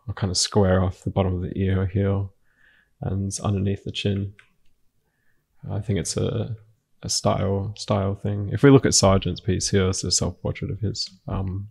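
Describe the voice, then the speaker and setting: A man teaching a painting lesson, narrating his work in a relaxed way, thinking aloud with frequent fillers and restarts. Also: sits low, gravelly, slightly rough. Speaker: painting instructor. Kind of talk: narrated screen-recorded art lesson.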